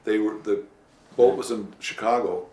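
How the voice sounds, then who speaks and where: Man, very low voice, anecdotal, halting with fillers, echoey room. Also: steady tone, mellow. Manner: rambling, with many "uh" pauses. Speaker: interviewee, former city official. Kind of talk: anecdotal interview storytelling. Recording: echoey room, faint hiss.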